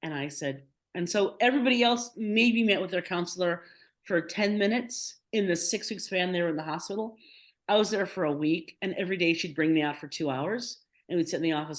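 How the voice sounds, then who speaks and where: A middle-aged woman with a fairly low voice tells her own story as a podcast guest. She talks with emotion and acts out the other people's words. She often breaks off and restarts mid-sentence. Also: fairly quick. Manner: emotional, animated retelling with quoted dialogue and many restarts. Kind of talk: personal storytelling.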